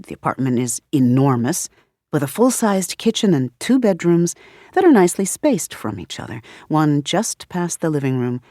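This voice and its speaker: A woman narrating an audiobook in a measured, expressive reading style. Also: lowish voice, no echo, clean studio sound. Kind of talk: scripted narration.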